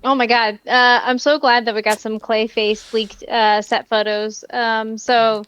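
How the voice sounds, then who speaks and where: A woman co-hosting a casual pop-culture podcast, quick and upbeat with short agreeing replies. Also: on the high side, little pitch movement, a bit bright, clear, resonant tone. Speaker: podcast co-host.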